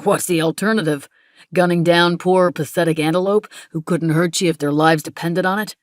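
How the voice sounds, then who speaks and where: A woman's voice: fairly low pitch, fairly even intonation, normal speed, no room sound, studio quality, natural voice. A woman voicing a polite, smug middle-aged man with an American accent, speaking in an easygoing, dismissive way.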